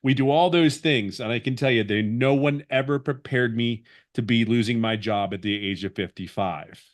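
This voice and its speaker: Man in his fifties, mid-pitched, earnest rambling testimonial for a webinar. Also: normal speed. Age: 50s. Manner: earnest, rambling, with many restarts. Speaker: webinar guest sharing his story.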